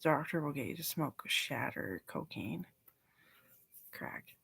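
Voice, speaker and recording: Rambling, cursing young woman, low-pitched. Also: expressive, slow, vocal fry, slightly rough. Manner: meandering and profane, drifting into soft whispers. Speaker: vlogger. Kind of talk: rambling casual monologue.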